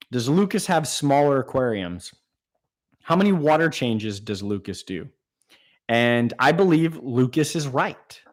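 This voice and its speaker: A man hosting a casual live stream, reading out viewer comments and answering them enthusiastically off the cuff. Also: medium pitch. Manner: enthusiastic, talks off the cuff with fillers and restarts. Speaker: aquarium channel host.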